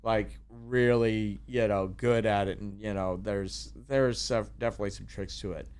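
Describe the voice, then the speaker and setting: A man's voice: lowish voice, steady tone, normal speed, a little mellow, smooth. A man chatting casually as a podcast guest, rambling with many fillers and restarts. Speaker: guest, kayak tour business owner.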